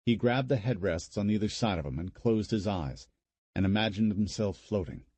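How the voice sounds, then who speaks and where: Male audiobook narrator; husky, warm low voice, dramatic and expressive reading. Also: normal speed, dry recording.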